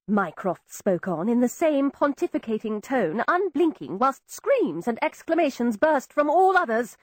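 A woman narrating a first-person novel with a wry, expressive delivery. Her voice sits fairly high and swoops lively through each sentence. The recording is close and dry. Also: moderate pace, few pauses, no room sound. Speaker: audiobook narrator.

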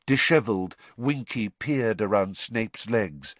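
A man narrating a novel in measured, expressive storytelling. His voice is low but moves a lot in pitch. The sound is dry and close, with no room echo. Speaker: audiobook narrator. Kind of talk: scripted narration.

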